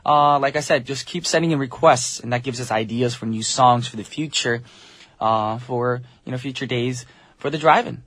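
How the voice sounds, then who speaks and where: A man's voice: medium pitch, fairly bright tone, dry recording. A man hosting a morning radio show from the studio, chatting casually and upbeat with listeners. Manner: upbeat, chatty, quick asides. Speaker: radio DJ host. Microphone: studio mic.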